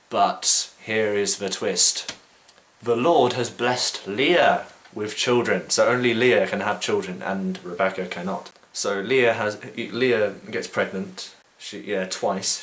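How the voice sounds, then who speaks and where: A man's voice: lowish voice, fairly bright tone. A man casually retelling a book for a video blog in an irreverent, offhand way, with frequent ums and crude slang. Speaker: video blogger.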